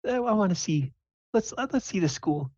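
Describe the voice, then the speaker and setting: A woman's voice: medium pitch, normal speed, breathy edge, dry recording, muffled recording, pitched above the performer's own voice. A man voicing a doting middle-aged mother who gushes, fusses and repeats herself. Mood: fussing. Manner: excited, fussing, repeats herself.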